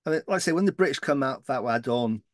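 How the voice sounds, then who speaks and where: A man's voice: medium pitch, expressive, racing, no room sound, clean studio sound. A middle-aged man co-hosting a podcast in casual, joking chat, often trailing off and restarting. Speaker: podcast co-host.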